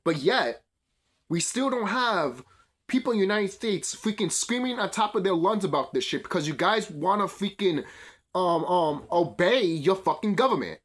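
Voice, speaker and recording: Man, young adult, heated profane rant, high-pitched, very animated delivery. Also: moderate pace. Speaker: video channel host. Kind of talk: ranting commentary.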